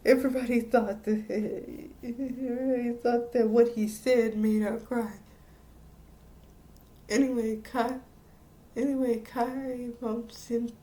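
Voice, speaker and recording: A woman recaps an anime episode in a casual, rambling way, stopping mid-word and starting over. Her voice is high and mellow, and she speaks at an unhurried pace. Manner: rambling with frequent restarts and laughs. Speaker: anime reviewer.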